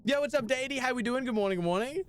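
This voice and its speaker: A man's voice: very high voice, very fast, slight background noise. A young man live-streaming a video game, chatting casually and answering his chat with slang.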